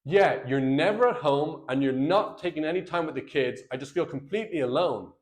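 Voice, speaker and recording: A man's voice: fairly high pitch, brisk, natural voice. Brief: man doing a hurt, complaining wife in a coaching role-play, in his own plain voice. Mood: hurt complaint. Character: upset wife feeling alone, complaining.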